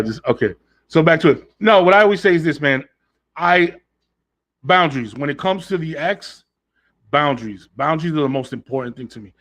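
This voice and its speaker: A man hosting a podcast in a casual, blunt and emphatic way, full of slang and swearing, talking straight to his listeners. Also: a little high. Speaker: podcast host. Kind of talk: casual solo podcast talk.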